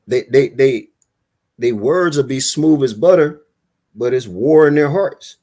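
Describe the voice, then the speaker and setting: A man hosting a live Bible study call, talking in a casual, animated, preacherly way. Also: medium pitch, measured pace. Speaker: host of an online Bible study talk.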